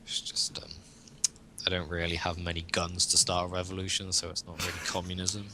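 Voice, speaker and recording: Bright-voiced man rambling with jokes. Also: deep voice, monotone, a little fast, slight background noise. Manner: rambling, jokey, chuckles often. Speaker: podcast co-host. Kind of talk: casual joking chat.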